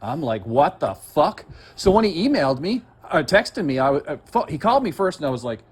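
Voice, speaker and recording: Agitated, profane man with a husky voice. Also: fairly high pitch, big pitch swings, quick pace. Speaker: complaining citizen. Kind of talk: heated conversation.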